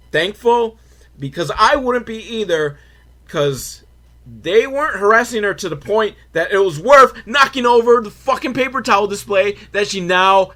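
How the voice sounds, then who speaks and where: A man's voice: fairly high pitch, pushed and bright. A man hosting a podcast, recapping a film in a rambling, sarcastic, foul-mouthed way. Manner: rambling, sarcastic, swears freely, makes noises for quotes. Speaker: podcast host.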